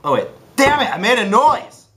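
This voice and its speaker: A man's voice: extremely high pitch, very animated, normal speed, bright, forceful tone. A young man co-hosting a comedy show, bantering goofily and reading fan questions aloud. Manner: jokey, sings silly jingles, reads fan questions. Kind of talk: goofy casual banter.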